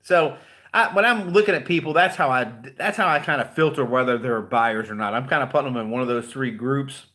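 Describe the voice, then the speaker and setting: A man's voice: mid-range voice, fairly quick, bright, forceful tone. A man who trains car dealers, giving a casual motivational talk as a blunt, chatty storyteller.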